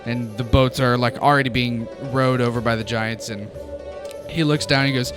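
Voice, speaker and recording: A man's voice: medium pitch, steady tone, normal speed. A man narrating and running a tabletop game in a casual, laughing manner. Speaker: game master. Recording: background music. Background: music.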